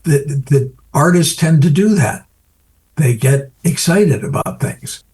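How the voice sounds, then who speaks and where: An older American photographer in an interview, talking reflectively and acting out little scenes in a lively voice. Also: male voice, takes it slowly. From United States. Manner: animated storyteller, acts out quoted voices with big pitch jumps. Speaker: photographer guest.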